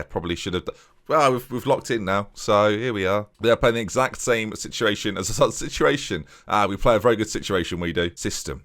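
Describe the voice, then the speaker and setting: A man's voice: on the low side, a bit bright. A man giving chatty let's-play commentary on a football management game, talking straight to his viewers. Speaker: video game streamer.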